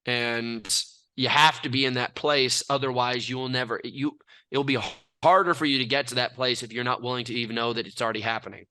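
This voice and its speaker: Young man from california, brash, self-assured, bright crisp voice, dry close sound. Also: medium pitch, fairly even intonation, a little fast, dry recording. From California, USA. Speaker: athlete guest. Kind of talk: casual interview talk.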